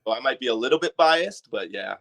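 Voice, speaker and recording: A man's voice: medium pitch, lively intonation, quick pace, gravelly, a bit bright. A man from Canada, a guest chatting on a podcast about his toy collection in a loose, enthusiastic way. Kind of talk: casual podcast chat.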